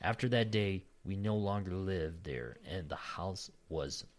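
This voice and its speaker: Laid-back man with a low voice. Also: unhurried, a little hiss or hum. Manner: laughs often, swears, says "dude" a lot. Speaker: podcast co-host reading a listener story. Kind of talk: casual chat and story reading.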